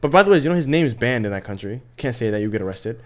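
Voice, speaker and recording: A man's voice: medium pitch, rapid-fire. Young man telling stories animatedly. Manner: animated storyteller, mimics relatives' voices. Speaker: podcast guest. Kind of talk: casual podcast chat.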